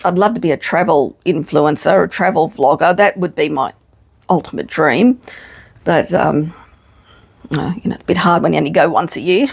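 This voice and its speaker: This middle-aged vlogger has a deep, husky voice with vocal fry and a moderate pace. She chats casually and frankly to the camera, mocking herself and swearing liberally.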